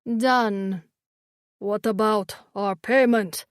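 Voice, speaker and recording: A woman voicing cold, menacing alien women who speak as one, in a slow, imperious, chilling way. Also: mid-range voice, steady tone, smooth, no echo, studio quality, voice pushed down. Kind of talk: audiobook character voice.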